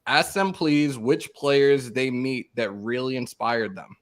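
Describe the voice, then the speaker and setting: An excitable man hosting a loose roundtable chat, his voice jumping way up whenever he retells what people said to him. He swears casually and talks in quick, animated bursts. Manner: excitable, swears freely, acts out quotes with big pitch jumps. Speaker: podcast host.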